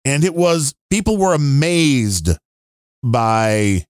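Man, podcast co-host, opinionated and rambling, dry close sound, mid pitch. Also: sing-song, slow pace, smooth, dry recording. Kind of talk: casual podcast chat.

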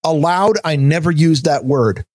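A slightly high-voiced male co-host pushes back bluntly and defensively, peppering his talk with casual swearing. The sound is dry, with no room echo. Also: normal speed. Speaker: podcast co-host. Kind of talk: casual podcast chat.

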